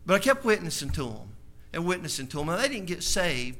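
A male preacher telling a personal story in a sermon, going from soft storytelling to shouted conviction. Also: high-pitched, sing-song, brisk.

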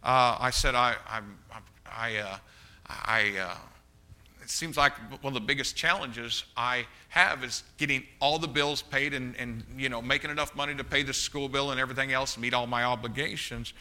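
A man's voice: mid-range voice, moderate pace, pushed and bright. A middle-aged man preaching a sermon, telling a personal story with frequent restarts and asides to the congregation.

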